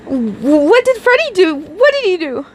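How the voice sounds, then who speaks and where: A woman's voice: very high-pitched, very animated, moderate pace, voice pushed up. A woman voicing a timid, anxious boy who stammers and pleads in a panic. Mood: panicked.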